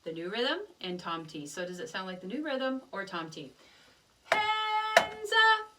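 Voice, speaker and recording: A woman's voice: lowish voice, animated, brisk, distant mic, heavy background noise. A woman teaching a children's music lesson, patiently explaining rhythms step by step and chanting rhythm syllables.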